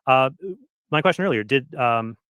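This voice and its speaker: A man's voice: mid-range voice, lively intonation, moderate pace, fairly bright tone, clean tone, dry recording. A man questioning his opponent in a formal debate, probing with some hesitant fillers.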